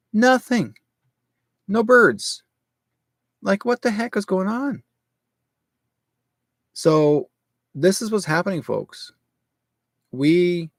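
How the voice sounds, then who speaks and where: A middle-aged man from Canada hosting his show from a home office, rambling through a casual monologue with sudden excited jumps in pitch. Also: dry recording. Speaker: show host.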